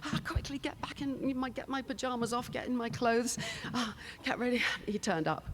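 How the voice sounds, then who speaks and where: A woman's voice: on the high side, normal speed, slight background noise. An older British woman on a conference stage, telling chatty anecdotes with asides into a handheld mic. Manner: chatty, storytelling with laughs and asides. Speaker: conference panelist. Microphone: handheld microphone.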